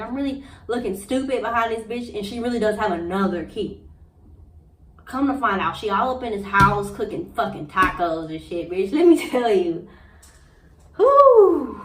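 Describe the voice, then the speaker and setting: A young woman vlogger telling a personal story in a blunt, profane, animated way. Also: mid-range voice, far from the mic, a little hiss or hum. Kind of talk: candid storytime monologue. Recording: roomy echo, a bit off-mic.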